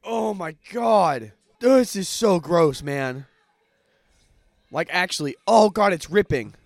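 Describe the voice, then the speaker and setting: A man co-hosting a casual podcast, exclaiming in loud disgust and swearing freely. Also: high voice, animated, slow pace, vocal fry, no room sound. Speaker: podcast co-host. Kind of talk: casual chat.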